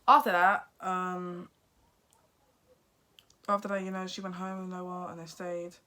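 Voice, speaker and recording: Woman, vlogger, casual movie recap, rambling, lowish voice, excited outbursts. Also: moderate pace, pauses often. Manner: rambling retelling, acts out lines, excited outbursts.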